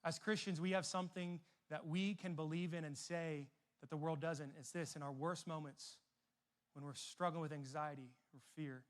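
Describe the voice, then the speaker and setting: A young man preaching a sermon as a youth pastor, telling stories and moving between emphatic and hushed delivery. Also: on the high side, fairly even intonation, moderate pace. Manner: storytelling, shifts between loud emphatic and soft hushed.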